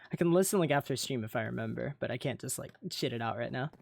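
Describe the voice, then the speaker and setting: A man's voice: medium pitch, fairly quick, gravelly. A man chatting casually on a live stream, rambling and swearing between narrating a game roleplay.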